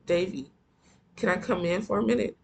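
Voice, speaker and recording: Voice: mid-range voice, normal speed, vocal fry, breathy edge, rough recording. A reader voicing a stern, lecturing stepfather. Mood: stiff. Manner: lecturing, then stiffly apologetic. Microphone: earphone mic.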